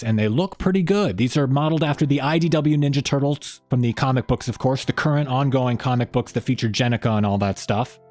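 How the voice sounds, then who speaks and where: A man's voice: medium pitch, lively intonation, moderate pace, a little mellow, soft background music. A man hosting a fan channel live stream, chatting in a rambling, friendly way and reading chat messages aloud.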